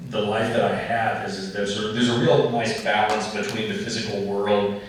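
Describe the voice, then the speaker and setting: Folksy deep-voiced man in an echoey hall. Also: level tone, moderate pace, slight background noise. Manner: folksy, rambling anecdotes with many fillers. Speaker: author speaking at an event. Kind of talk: storytelling talk and Q and A. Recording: roomy echo, voice far from mic.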